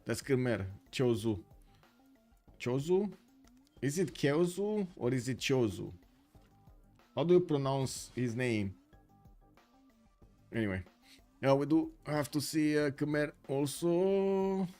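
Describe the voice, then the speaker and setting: A man's voice: on the high side, lively intonation, slow pace, pauses often, warm tone, faint music behind. A man giving live commentary on a strategy game tournament, chatty and thinking aloud with many fillers. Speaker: esports caster.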